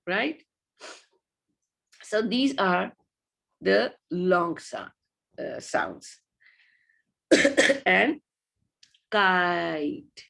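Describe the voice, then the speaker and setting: A woman's voice: lowish voice, very animated, very slow, vocal fry, long pauses, a bit bright. A woman teaching an online phonics lesson to young children, patient and sing-song, repeating each word several times and checking in with rising questions. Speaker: early years teacher.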